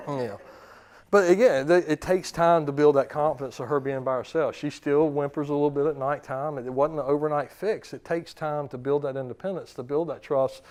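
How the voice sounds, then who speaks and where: A man in his thirties, a dog trainer, giving a seminar talk and acting out commands and dogs' thoughts. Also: fairly high pitch. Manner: forceful, acts out commands and dog thoughts in quick voices.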